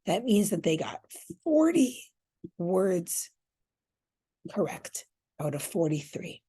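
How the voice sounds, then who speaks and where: This woman teacher speaks slowly in a low, mellow, slightly rough voice with big swings in pitch. She guides viewers through scoring a reading fluency test on screen, thinking aloud in a casual, chatty way. She talks to her audience as "you guys."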